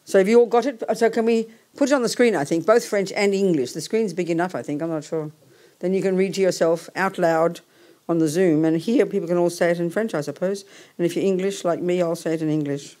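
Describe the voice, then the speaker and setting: A woman's voice: lowish voice, steady tone, fairly quick, hardly any pauses, mellow. An older woman, a Buddhist nun, teaching in a blunt, outspoken and bossy casual manner.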